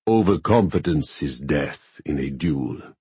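A man voicing a burly male pirate captain in an audiobook, deep and nasal, terse and coarse. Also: expressive, takes it slowly, darkish tone, husky, no echo, full character voice. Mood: blunt.

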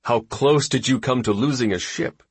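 A man voicing a seasoned male fleet admiral who speaks in a measured, wry way. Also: mid-range voice, breathy edge, no echo, pitched above the performer's own voice.

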